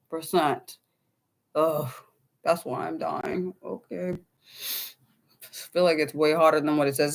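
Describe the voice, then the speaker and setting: A young woman from the United States hosting an unscripted livestream, rambling casually to her chat with many ums and restarts. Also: fairly low pitch. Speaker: livestream host.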